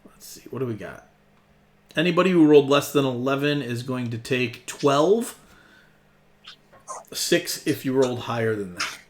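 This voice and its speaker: A man's voice: mid-range voice, lively intonation, moderate pace, long pauses, a little hiss or hum. A man narrating as game master of a tabletop game, casual and laughing often, thinking aloud as he counts up rolls.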